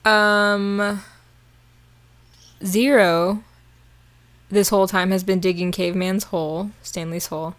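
A woman's voice: medium pitch, level tone, slow, pauses often. A woman co-hosting a casual chat, leading a film recap in a chatty way with lots of fillers. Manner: chatty, heavy use of "like", leads the recap. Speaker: podcast co-host.

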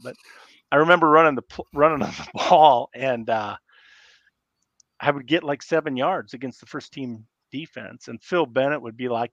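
A man's voice: mid-range voice, no room sound. Rambling middle-aged man telling stories. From Iowa. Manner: rambling, animated, acts out coaches yelling. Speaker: podcast guest, former college football player. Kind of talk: casual storytelling interview. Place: live podcast studio. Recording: slightly muffled dry sound.

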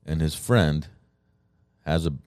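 A man with an extremely low, dark voice tells a story casually among friends. He is lively and loose, full of fillers and restarts. The sound is close and dry, with no room. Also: slow pace, no room sound. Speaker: podcast co-host telling a story.

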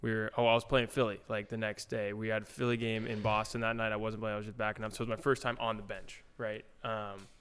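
Young guy with a clean, slightly low voice, easygoing, tells stories with lots of "like"s. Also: flat delivery, fast, hardly any pauses, fairly bright tone, clean tone. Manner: laid-back storyteller, lots of fillers, laughs often. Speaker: guest, pro hockey goalie. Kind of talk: casual interview chat, telling stories.

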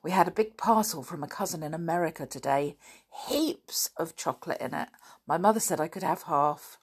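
Quick, offhand schoolboy in a storybook, a woman reading the part. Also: low voice, animated, breathy edge, heavily acted. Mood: pleased. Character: generous, chatty schoolboy.

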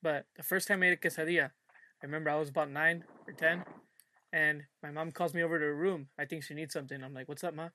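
A young man co-hosting a podcast, telling childhood stories in a casual, animated way and acting out the voices he quotes. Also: a little high, fast. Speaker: podcast co-host. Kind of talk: casual chat.

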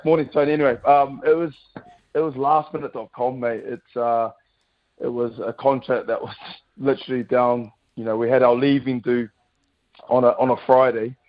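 Relaxed New man with a worn voice. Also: medium pitch, dull audio. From New Zealand. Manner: relaxed, laughing, says mate often. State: voice a bit worn from celebrating. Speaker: rugby player guest. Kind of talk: casual radio chat.

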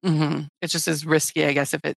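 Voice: mid-range voice, little pitch movement, a little fast, gravelly, no room sound. A podcast host in casual recap chat, explaining and prompting the other speakers.

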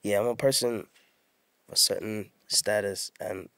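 A man's voice: lowish voice, unhurried, no room sound. A young man with a South African accent, talking casually as a guest in an interview and acting out the people he quotes. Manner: animated, acts out quoted people. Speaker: guest rapper.

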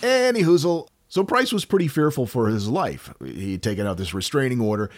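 A podcast host with an American accent and a lowish voice talks fairly quickly, casually retelling a true-crime case. He's relaxed and joking, with lots of filler words.

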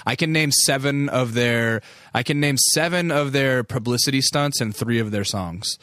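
A man with a middle-pitched voice hosts a loose interview, chatty and quick to give his opinions. He swears casually, and the sound is dry and close to the mic. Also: fairly bright tone, no room sound. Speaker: interviewer, host.

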